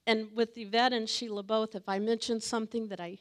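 A woman with a slightly high voice shares her story in front of a church group. She talks earnestly, gets emotional and laughs often. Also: level tone, a little fast. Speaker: church greeter sharing testimony. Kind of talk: personal testimony. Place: church meeting room with audience.

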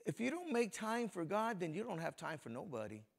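A middle-aged man preaching a lively, folksy sermon as a pastor, joking with the congregation and swinging between soft and loud. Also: high-pitched, brisk, vocal fry. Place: church sanctuary before a congregation.

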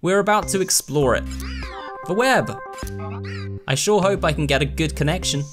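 A man's voice: fairly high pitch, animated, normal speed, music in the background, voice pushed up, lightly acted. A man voicing a cheerful, innocent young female program in a bubbly, wide-eyed American accent.

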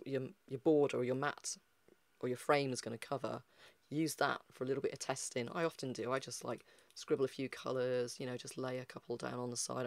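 A man's voice: mid-range voice, dry recording. A man giving a casual, chatty art lesson on a livestream, explaining with lots of fillers. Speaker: art tutor.

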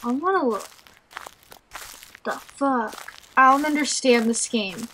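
A young woman narrates a horror game to herself in a high, bright voice, drawing her words out very slowly. She is nervous and jumpy, and she shrieks whenever something startles her. She comments as a let's play gamer. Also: slight background noise, rough recording. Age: young adult.

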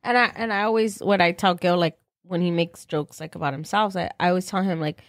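A woman's voice: on the low side, fairly even intonation, a little fast, no room sound. Female co-host, earnest and rambling, dry close mic. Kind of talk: casual chat.

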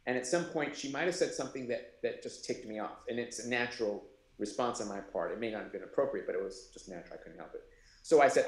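Animated storytelling man, roomy sound. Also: fast talker. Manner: animated anecdote-telling, acts out voices with big pitch jumps. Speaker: sign language interpreter and producer. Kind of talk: storytelling in a live interview. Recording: roomy echo.

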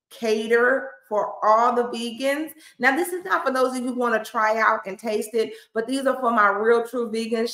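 A woman's voice: mid-range voice, a bit bright, echoey room. A woman pastor, talking to viewers in a playful, chatty, hyped-up way. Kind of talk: hyped livestream announcement.

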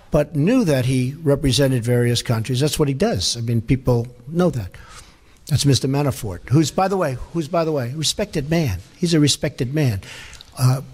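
A man's voice: medium pitch, a little mellow, slightly rough. A man fielding press questions at a podium in a large formal hall, blunt, emphatic and repetitive, speaking off the cuff. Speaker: president at a press conference. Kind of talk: off-the-cuff press conference answers.

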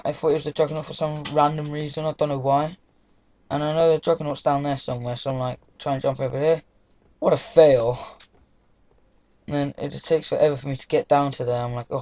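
A man's voice: fairly high pitch, noisy background. A young man, chatting casually over gameplay, rambling with lots of fillers. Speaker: gaming commentator.

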